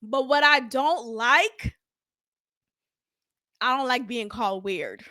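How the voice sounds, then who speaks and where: In a high-pitched voice and at a slow pace, a young adult woman leads a casual, lively recap of a reality show, performing quotes and often laughing.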